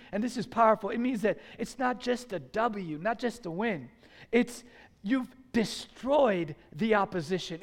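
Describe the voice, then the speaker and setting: A man from the United States preaching a sermon to a congregation, animated and urging them to call back responses. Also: high-pitched, in a large hall. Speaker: pastor. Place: church sanctuary.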